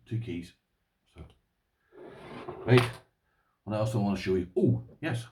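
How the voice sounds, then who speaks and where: A man's voice: lowish voice, expressive, a little slow, pauses often, a little mellow, roomy sound, far from the mic, slight background noise. An Irish man with a rambling, chatty manner, showing his lock collection to viewers and calling them "boys". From Ireland. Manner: rambling, talks to viewers as "boys", uses "this here". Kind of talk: casual show-and-tell to camera.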